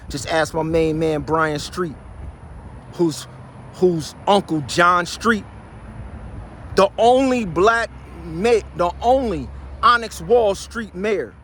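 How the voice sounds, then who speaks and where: A man's voice: sits high, a little hiss or hum. Boastful New man in his sixties. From New Jersey. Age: high school in 1975, so 60s. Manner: loud, boastful, shouting rhetorical questions. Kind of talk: street monologue.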